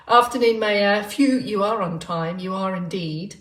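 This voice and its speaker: A woman's voice: mid-range voice, unhurried. A woman runs a live movement class, chatting and joking as she greets people by name. Her voice sits back from the mic in a roomy, echoing space. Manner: chatty, rambling, jokey, greeting viewers by name. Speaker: exercise class instructor. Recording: roomy sound from a distant mic.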